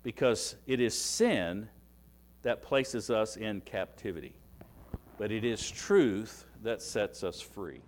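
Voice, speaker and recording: A man with a Southern US accent preaching a sermon, stressing key words by rising, dropping and slowing down. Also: fairly low pitch. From Alabama, US. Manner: emphatic, rises and drops for stress, slows on key words.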